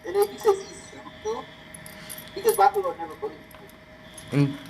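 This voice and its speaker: A speaker casually improvising a fan story with a friend, animated and often checking in with "right?". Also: normal speed, creaky, a little hiss or hum, low-quality recording. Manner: animated, pitch jumping high when voicing characters, frequent "right?".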